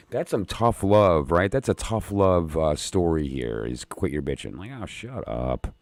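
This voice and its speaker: The recording is dry, and the man's voice is low-pitched and slow. Chatting casually on a late-night oracle-reading live stream he hosts, he wanders from point to point and cracks jokes with viewers.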